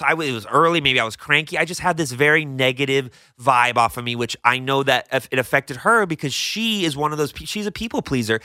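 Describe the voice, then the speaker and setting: A young man co-hosting a casual podcast chat, telling his story with animated energy. His voice sits a little high and has a bright, forceful edge that gets higher when he is excited. It is recorded dry and close, with no room sound. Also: no room sound. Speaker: co-host.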